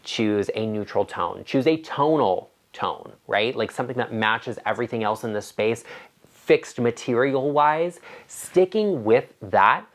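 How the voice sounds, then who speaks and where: A man who works as an interior designer, giving emphatic, opinionated advice straight to the camera in a casual way, with animated asides. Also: mid-range voice, a little slow.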